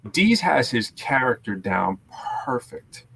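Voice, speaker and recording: A male podcast host from Massachusetts talks in an animated, rambling way, full of "you know what I'm saying" fillers. His pitch sits in the middle of the male range. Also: slow pace, vocal fry, slightly rough. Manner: animated ranting, many fillers. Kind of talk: casual chat.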